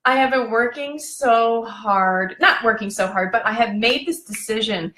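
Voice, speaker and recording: A woman relationship coach giving a chatty, animated live video training, laughing often and drifting into tangents. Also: on the high side, a little slow. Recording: echoey room.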